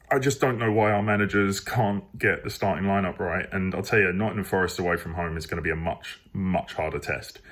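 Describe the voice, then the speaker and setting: A man's voice: low voice, fairly bright tone. A man reviewing a football match on his phone at home, rambling and exasperated, with emphatic outbursts. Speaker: football fan channel host. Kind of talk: casual match review to camera.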